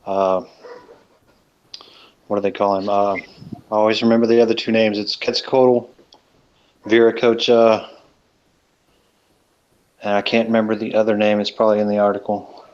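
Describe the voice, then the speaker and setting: Low, flat-voiced man on a lo-fi stream. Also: moderate pace, long pauses. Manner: rambling, hesitant, with many fillers. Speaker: co-host of a live stream. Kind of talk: casual live-stream chat. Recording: dull lo-fi stream audio.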